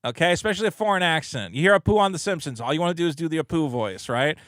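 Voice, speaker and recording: A man's voice: on the high side, expressive, racing, fairly bright tone, dry recording. Brash ranting man on a podcast. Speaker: podcast co-host. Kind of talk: casual comedic chat.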